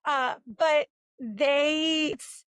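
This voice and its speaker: A woman in her forties, co-hosting a podcast, telling lively stories in a casual chat. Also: extremely slow, no echo. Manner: animated storytelling, swings between high and low. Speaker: podcast co-host.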